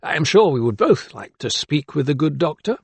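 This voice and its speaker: A man's voice: sits high, big pitch swings, gravelly, no echo, pitched above the performer's own voice, heavily acted. A man doing a smug, mocking old magistrate. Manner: drawn-out, relishing delivery. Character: sly older male magistrate, smug and mocking. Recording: dry close studio sound.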